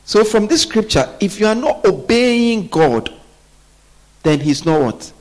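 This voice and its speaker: Male preacher, slightly high voice, call-and-response sermon style. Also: lively intonation, measured pace. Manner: asks the congregation to finish his sentences.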